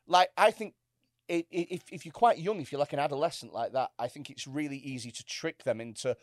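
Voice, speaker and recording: A man's voice: on the high side, a little fast, no room sound, studio quality. A man co-hosting a casual comedy podcast, telling stories with lots of swearing and acted-out quotes. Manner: storytelling, swearing, acting out quotes. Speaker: podcast co-host.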